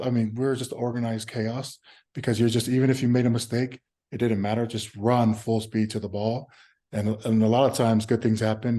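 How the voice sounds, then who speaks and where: A man in his thirties, a former pro football player, answering interview questions in a halting, easygoing way with frequent filler sounds and restarts. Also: mid-range voice, warm tone. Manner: easygoing, acts out remembered exchanges.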